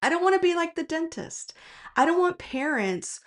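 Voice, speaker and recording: A woman's voice: very high voice, animated, normal speed. A woman who runs a tutoring business, telling a personal story in a casual, frank and reflective way, straight to her viewers.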